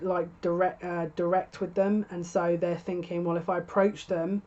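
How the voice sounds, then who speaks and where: A woman's voice: on the low side, level tone, normal speed, hardly any pauses, darkish tone, dull audio. A woman giving a tarot reading to camera, musing and thinking aloud with frequent restarts. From United Kingdom. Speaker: tarot reader.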